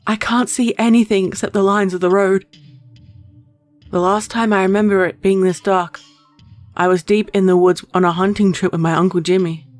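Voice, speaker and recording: Woman doing a frightened young wife on a dark road. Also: mid-range voice, steady tone, soft background music, lightly acted. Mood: scared. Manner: anxious, shaky, rushed.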